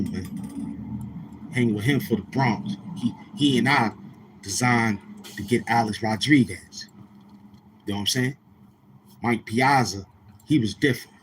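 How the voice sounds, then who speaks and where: A man's voice: fairly low pitch, slight background noise. A man from Brooklyn, hosting a livestream and telling rambling, profane stories while calling out to the chat. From Brooklyn, New York. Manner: rambling, profane, keeps asking the chat questions. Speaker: show host.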